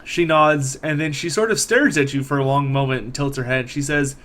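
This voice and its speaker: A man's voice: medium pitch, a little fast, fairly bright tone. A man narrating a tabletop game as game master, describing actions in the second person.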